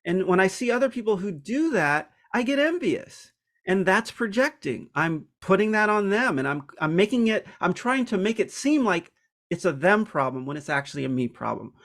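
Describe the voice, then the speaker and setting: A man with a slightly higher-pitched voice talks through a personal topic in a relaxed, reflective monologue. He speaks candidly and hesitates often, filling gaps with ums and restarting his sentences. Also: normal speed.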